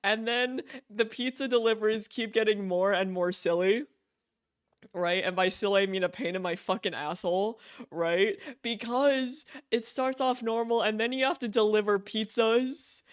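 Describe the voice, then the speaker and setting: Giggly high-voiced male streamer. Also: steady tone, normal speed, clear, resonant tone, dry recording, clean studio sound. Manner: gushing, giggly, repeats words. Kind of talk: casual live-stream chat.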